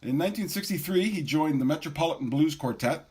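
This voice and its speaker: A man's voice: on the high side, lively intonation, fast, darkish tone, husky. A man in his fifties hosting a podcast, interviewing a guest as an eager, friendly fan. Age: 50s.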